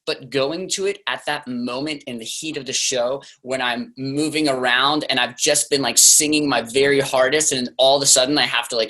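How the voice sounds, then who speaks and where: Bright-voiced man chatting loosely. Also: medium pitch, poor audio. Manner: loose and chatty, heavy on "like" fillers. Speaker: singer, interview guest. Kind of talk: casual interview talk.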